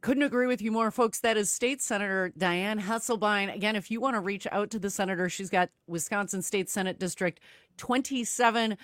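A woman hosting a radio talk show, brisk and direct, speaking to her listeners as folks. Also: medium pitch, no echo, clean studio sound.

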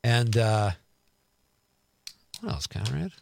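A man's voice: medium pitch, big pitch swings, takes it slowly, gravelly. A middle-aged man hosting a radio show, chatting casually as he reads listener texts aloud and riffs on each one.

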